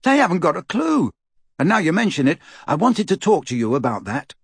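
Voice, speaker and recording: A loyal, blunt teenage boy from a storybook, chummy and a little conspiratorial, as a male reader puts him on. His voice sits higher than the reader's own and bounces lively. There is a husky edge, and the sound is dry and close. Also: a little fast, dry recording, full character voice.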